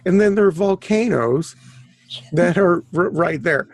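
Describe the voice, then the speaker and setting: Gravelly-voiced man, rambling and chatty. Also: high voice, animated, unhurried, no echo. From Southern California. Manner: rambling, chatty storyteller with frequent restarts. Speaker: author and guest. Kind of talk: casual conversational interview.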